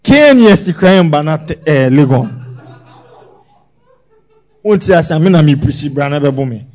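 A man preaching a sermon as pastor, swinging between loud shouts and hushed lines. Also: on the high side, expressive, moderate pace.

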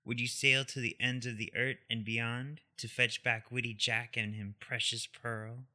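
A man voicing a mysterious witch woman, drawing out teasing questions loudly. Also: mid-range voice, little pitch movement. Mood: beckoning. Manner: drawn-out teasing questions, loud.

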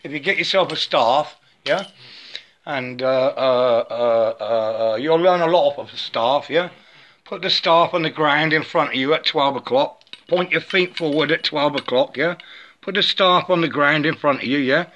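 A man's voice: on the high side, normal speed, fairly bright tone, highs cut off, a little hiss or hum. A man rambling through a spiritual monologue into a phone, chanting wordless syllables and tagging his sentences with "yeah?", often stammering and repeating words.

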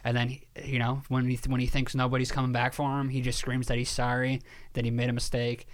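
A man in an easygoing podcast chat, his voice sitting at an ordinary middle pitch. He tells his story with heavy emphasis and a fair amount of swearing. He trips over his words and starts his sentences again. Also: completely flat delivery, quick pace. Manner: repeats words and restarts sentences. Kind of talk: casual chat.

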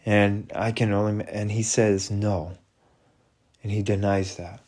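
Slow, low-voiced man preaching. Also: level tone, a little mellow. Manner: slow, halting, reflective, with many restarts. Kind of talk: devotional retelling and prayer.

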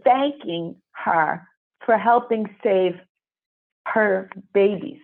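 A woman who is a podcast guest, telling a story in an animated, emphatic way. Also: medium pitch, drawn-out words. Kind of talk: storytelling interview. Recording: phone-like narrow sound.

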